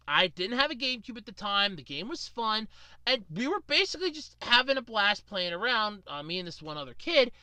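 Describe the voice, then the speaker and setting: Solo podcast host, a woman; high and very lively voice, chatty, rambling storyteller. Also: dry recording. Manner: animated, rambling, lots of fillers. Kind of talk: casual storytelling monologue.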